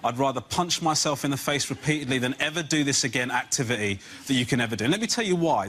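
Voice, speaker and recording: A man's voice: medium pitch, expressive, fast, few pauses, fairly bright tone, a little hiss or hum. A man doing comedy on a panel show, ranting and exasperated. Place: TV studio before a live audience.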